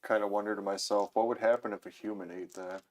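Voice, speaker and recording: A man's voice: fairly low pitch, steady tone, a little mellow. A man playing a tabletop game, laughing often and stretching out his words. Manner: laughs often, drawn-out speech. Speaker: player. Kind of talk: casual tabletop play.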